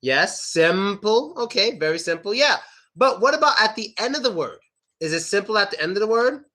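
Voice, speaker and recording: Bright-voiced American man teaching pronunciation. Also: high-pitched. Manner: lively, repeats words slowly for demonstration. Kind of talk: online pronunciation lesson.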